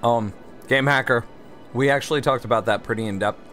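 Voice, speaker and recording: A man streaming a city-building game who reads chat aloud and answers with dry, teasing replies. He is one beer in and a little loose. Soft game music plays faintly under his voice. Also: medium pitch, fairly quick. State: one beer in, slightly tipsy. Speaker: livestream gamer host. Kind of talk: casual livestream chat.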